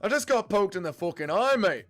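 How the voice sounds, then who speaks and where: A man putting on the voice of an aggrieved male heavyweight fighter, complaining loudly and exasperated. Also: high voice, expressive, fairly quick, soft background music, voice pushed up.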